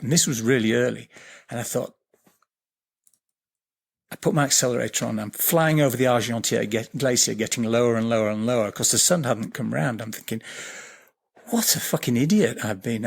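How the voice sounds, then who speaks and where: A man tells a story as a podcast guest, his middle-pitched voice gravelly with a husky edge. He swears freely, circles back over his words and slows down to draw out the tense moments. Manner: vivid, swearing storyteller who repeats words and restarts. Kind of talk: animated storytelling in a podcast interview.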